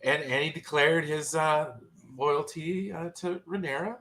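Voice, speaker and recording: A man's voice: fairly high pitch, fairly even intonation, unhurried, fairly bright tone. A man co-hosting a casual chat over a video call, laid-back and peppering his talk with "dude" and "man". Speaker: co-host.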